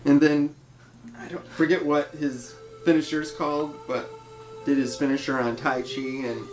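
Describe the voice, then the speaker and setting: A man co-hosting a wrestling podcast, calmly recapping match results in casual talk. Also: on the high side, moderate pace, echoey room, faint music behind, low-quality recording. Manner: steady recapping of results, laughs along. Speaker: podcast co-host.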